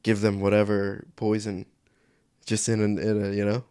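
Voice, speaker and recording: Male vlogger, low voice, rambling casual storyteller, dry close recording. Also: completely flat delivery, normal speed, darkish tone, smooth, no room sound. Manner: rambling, conversational, many fillers. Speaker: channel host.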